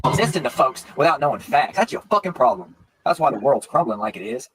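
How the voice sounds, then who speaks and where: A man's voice: medium pitch, very animated, fast talker, background noise. A man ranting on a live stream, profane, confrontational and rambling.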